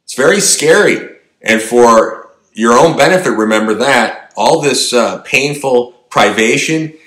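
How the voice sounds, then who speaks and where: A man's voice: mid-range voice, measured pace, fairly bright tone, roomy sound. A man delivering an emphatic opinion monologue, firing rhetorical questions at his audience. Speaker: political commentator.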